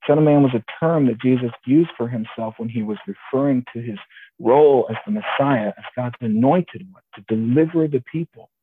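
A man preaching a sermon, retelling a story in an animated, wry, conversational way. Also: medium pitch, normal speed. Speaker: pastor. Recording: tinny phone-like sound, faint hiss.

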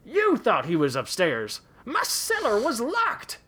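A man's voice: very high voice, wildly swooping pitch, slow, bright, forceful tone, husky, pitched above the performer's own voice, full character voice. A man voicing a furious, foul-mouthed frontier sheriff who screams and curses. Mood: screaming rage. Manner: screaming, swearing, explosive.

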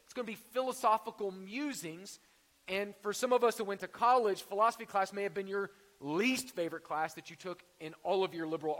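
A man's voice: sits high, a bit bright, big-room sound. A man preaching a sermon in a conversational way, with jokes and rhetorical questions. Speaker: pastor.

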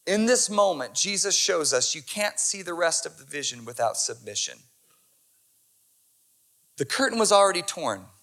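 Impassioned preacher man, fairly high voice. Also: very animated, moderate pace, long pauses. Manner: impassioned, swings from hushed to loud. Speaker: pastor. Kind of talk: sermon.

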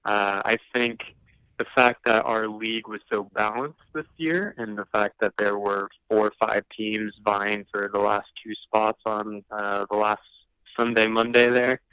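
A man guesting on a podcast, speaking in a measured way with frequent ums and uhs. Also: lowish voice, fairly even intonation, pushed and bright, smooth, no room sound, rough recording. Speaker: guest, league member. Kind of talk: casual podcast interview.

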